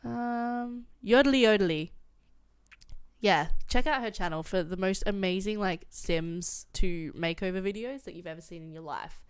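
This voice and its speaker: A woman's voice: mid-range voice, normal speed, clear, resonant tone. A woman giving casual, giggly let's-play commentary, thinking aloud as she goes. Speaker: gameplay commentator.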